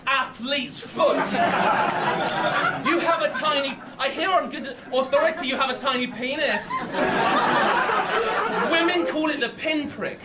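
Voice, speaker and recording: High-voiced man rapping over a loud crowd. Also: slow, pauses often, heavy background noise. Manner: delivers insult punchlines while chuckling. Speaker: battle rapper. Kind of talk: rap battle performance. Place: live battle rap event. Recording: echoey live event audio from far off, loud crowd.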